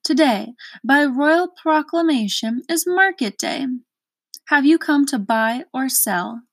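A woman's voice: high-pitched, lively intonation, takes it slowly, dry recording, voice pushed up, exaggerated voice. A woman playing a pompous, impatient gateman. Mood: officious. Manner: officious, impatient. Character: pompous impatient male gatekeeper.

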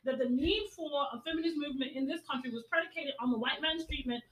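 A woman's voice: high-pitched, quick pace, a bit bright, reverberant, rough recording. A woman co-hosting a heated casual discussion, talking emphatically and repeating her points for stress. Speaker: podcast co-host.

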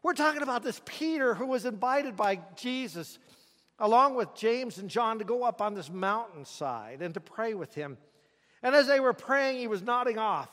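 A man's voice: sits high, fairly bright tone, big-room sound. A man preaching a sermon, telling the story dramatically and asking the listeners rhetorical questions.

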